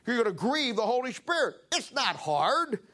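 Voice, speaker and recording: A man's voice: extremely high pitch, sing-song, moderate pace, bright, forceful tone. A man preaching a sermon in an emphatic, folksy way, with rising bursts. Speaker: pastor.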